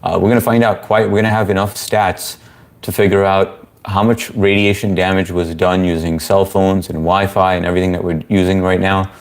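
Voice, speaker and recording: A man's voice: sits low, flat delivery, fairly quick. A young man hosting a casual live-stream Q&A, chatting loosely and reading viewer comments aloud. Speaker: livestream host answering chat.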